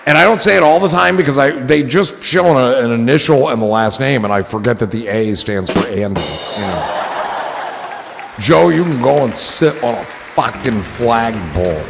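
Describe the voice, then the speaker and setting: A man's voice: medium pitch, animated, moderate pace, creaky, long reverb tail, over music, crowd noise. A man hosting a livestream in casual chat, rambling and joking with a loose, swearing manner. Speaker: livestream host.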